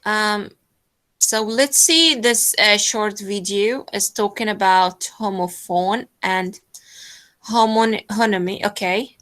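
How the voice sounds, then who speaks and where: A woman's voice: medium pitch, steady tone, slow pace, fairly bright tone. A woman teaching a classroom lesson, explaining hesitantly with many fillers.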